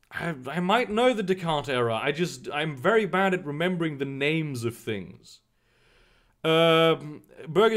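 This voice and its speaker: Male streamer, fairly high, lively pitch, rambling casual commentary with plenty of swearing. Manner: rambling, profane, exasperated, with frequent restarts. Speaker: streamer reading chat and news.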